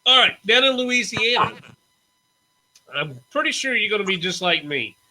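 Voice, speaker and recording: A man's voice: sits high, very animated, normal speed, sharp tone, rough recording. A man hosting a casual live-stream interview, chatty and a little flustered as he reads out viewer questions. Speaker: interview host.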